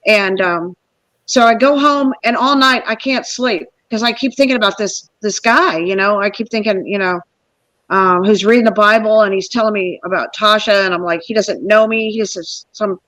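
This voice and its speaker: A middle-aged woman hosting a podcast, telling a personal story in a rambling, animated way and acting out the people she quotes. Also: medium pitch, moderate pace, no echo, rough recording. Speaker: podcast host. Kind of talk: casual storytelling.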